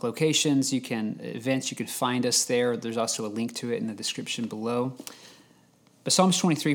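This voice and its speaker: A pastor delivers a sermon in a measured, conversational way. His voice sits at a middle pitch. He reads scripture slowly, with pauses so the words sink in. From United States.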